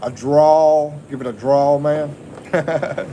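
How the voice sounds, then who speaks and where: A man's voice: a little high, steady tone, slow pace, dark tone, a little hiss or hum, low-quality recording. A Texan man chatting casually on a livestream, reading viewer comments and chuckling, in a home kitchen. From USA. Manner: laid-back, chuckling, reads viewer comments. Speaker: livestream host.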